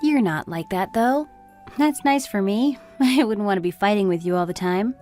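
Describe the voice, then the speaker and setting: A woman voicing a caring young wife who speaks softly and with concern. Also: medium pitch, animated, moderate pace, soft background music, natural voice.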